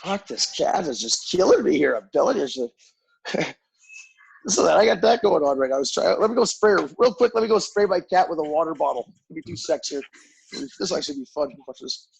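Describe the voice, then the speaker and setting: A man's voice: a little high, animated, brisk, vocal fry, slightly rough. A male comedian on a video call, rambling and swearing in a flustered, casual way. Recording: noisy home mic on a video call.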